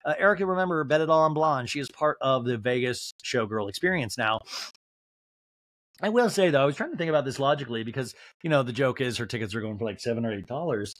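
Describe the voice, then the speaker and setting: A man's voice: medium pitch, expressive, quick pace, a bit bright, dry recording. A man hosting a podcast, giving a rambling, comedic recap of a reality show with lots of fillers like "like". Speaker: podcast host.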